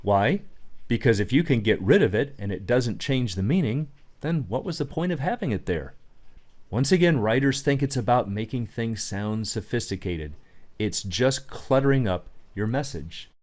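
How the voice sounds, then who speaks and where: A man's voice: mid-range voice, animated, normal speed, a little mellow. A man teaching writing skills, emphatic as he reads example sentences aloud and then picks them apart. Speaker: writing coach. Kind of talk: instructional talk on writing.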